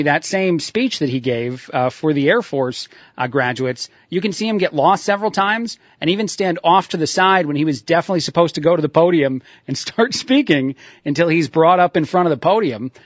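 In a dry recording with the top end cut off, a slightly high-voiced talk radio host mocks the news on his own. He's sardonic, laughs at his own jokes, and leans heavily on "uh" fillers.

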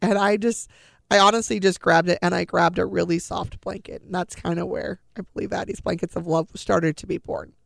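Gravelly middle-aged woman telling a personal story. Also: fairly low pitch, steady tone, no room sound, studio quality. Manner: earnest, halting, relives scenes by quoting dialogue. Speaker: guest sharing a family story.

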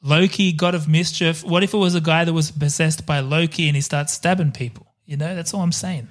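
A man's voice: on the high side, fairly even intonation, a little fast. A man co-hosting a casual podcast, telling rambling stories with jokey asides. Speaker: podcast co-host. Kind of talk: casual chat.

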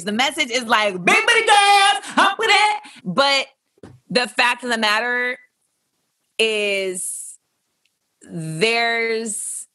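A woman's voice: fairly high pitch, bright, forceful tone, no echo. Blunt, candid young woman host, dry sound. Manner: blunt, candid and profane, with playful voices for quotes. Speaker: host answering listener questions. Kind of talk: casual chat.

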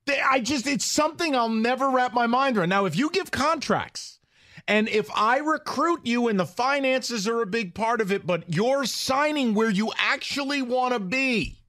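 A man's voice: very high voice, expressive, normal speed, sharp tone, no echo, studio quality. Blunt, emphatic sports talk man. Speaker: sports talk show co-host. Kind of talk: lively sports debate.

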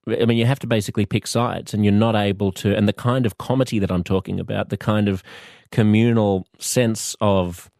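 A man with an Australian accent hosting a podcast, speaking in a thoughtful, measured monologue with pauses and restarts. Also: fairly low pitch, steady tone, creaky, a little mellow, no echo, clean studio sound. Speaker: podcast host. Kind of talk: reflective monologue.

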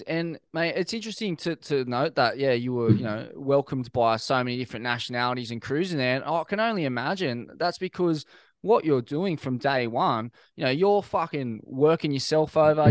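A man's voice: fairly high pitch, no room sound. An Australian man in his thirties hosting a casual interview, reflective and rambling. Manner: reflective, rambling, many fillers and restarts. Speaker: podcast host.

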